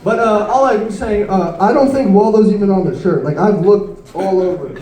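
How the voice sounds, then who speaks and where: High-voiced young comic rambling on stage. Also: male voice, normal speed, mellow. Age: late teens. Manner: rambling, self-deprecating, stumbling delivery. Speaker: stand-up comedian. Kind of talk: stand-up set. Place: comedy club stage. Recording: roomy club sound from far off.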